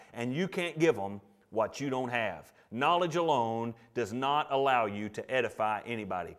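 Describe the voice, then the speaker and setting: A middle-aged man preaching a sermon, swinging from loud bursts to hushed asides and acting out the quotes he tells. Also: medium pitch.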